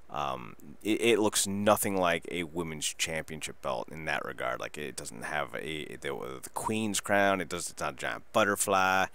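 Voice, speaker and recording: A man hosting a wrestling podcast, talking through a casual solo review in a rambling, excitable way and swearing freely. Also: very deep voice, gravelly.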